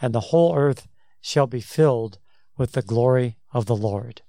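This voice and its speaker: A man's voice: mid-range voice, moderate pace, creaky, mellow, dry recording. A man co-hosting a Christian talk show, telling stories in a rambling way that restarts and repeats words. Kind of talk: casual faith discussion, storytelling.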